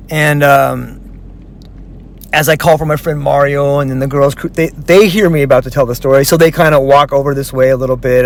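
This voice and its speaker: A man casually telling a long personal story, animated and acting out what people said, swearing freely. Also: a little high. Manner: animated, acts out quoted voices, swears freely.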